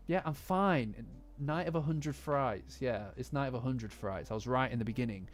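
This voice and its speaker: A man's voice: mid-range voice, normal speed. A man from Nottingham with a Nottingham accent, chatting casually on a live stream and reading to his chat, rambling and easily distracted, poking fun at himself. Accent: Nottingham English. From Nottingham, England. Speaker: streamer reacting to a manga chapter with chat. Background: faint lofi background music.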